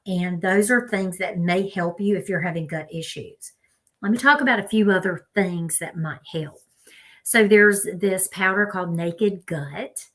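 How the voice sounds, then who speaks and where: A woman's voice: lowish voice, a bit bright. Chatty Southern woman giving diet tips. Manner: chatty, direct, talks to viewers as "y'all". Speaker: health vlogger. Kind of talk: casual advice talk.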